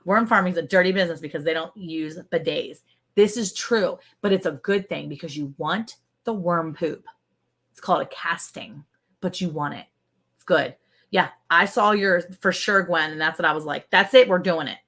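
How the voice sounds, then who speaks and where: A woman co-hosting a casual livestream, chatty and animated, laughing often. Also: fairly low pitch, normal speed. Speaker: livestream co-host.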